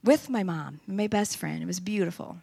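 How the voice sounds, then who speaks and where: Gravelly, low-voiced woman giving testimony. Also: moderate pace. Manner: earnest, animated storytelling. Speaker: church member giving testimony. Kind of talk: personal testimony.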